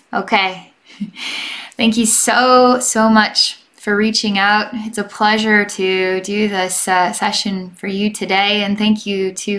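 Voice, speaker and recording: Chatty, reassuring woman healer. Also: medium pitch. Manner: chatty, rambling, keeps checking in with "okay?"; gentle and reassuring toward the listener. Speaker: psychic energy healer. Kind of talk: relaxed guided healing session.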